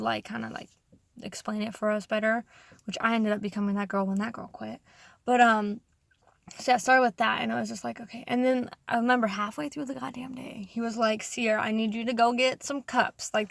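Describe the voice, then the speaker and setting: A woman's voice: fairly high pitch, fairly bright tone, no echo. A young woman vlogging a rambling storytime rant, full of swearing and "like" fillers, acting out what others said in raised voices.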